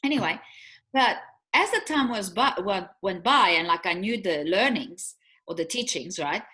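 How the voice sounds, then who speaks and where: A woman's voice: mid-range voice, animated, moderate pace, pushed and bright. Woman, 40s, chatty co-host, rambling storyteller with fillers. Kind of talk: casual chat.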